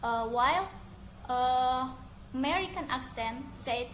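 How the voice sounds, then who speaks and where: Young Indonesian-accented woman, student presenter, high-pitched and deliberate; roomy echo, light background noise. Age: young adult. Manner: careful, explanatory delivery. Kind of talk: recorded class presentation. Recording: echoey room, faint background noise.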